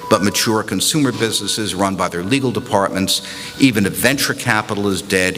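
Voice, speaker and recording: A man's voice: on the low side, a bit bright, slight background noise. A man giving a conference panel speech, emphatic, building rhetorical lists, into a podium microphone. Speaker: panel speaker. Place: large hotel conference hall. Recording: echoey hall, faint ambience.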